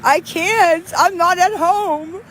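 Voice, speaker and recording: Very high-pitched crying woman with a western Pennsylvania accent. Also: takes it slowly, a bit bright, slight background noise. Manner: pleading, with heavy sighs. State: cold. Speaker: livestreamer. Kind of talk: live stream plea. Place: outdoors in the cold.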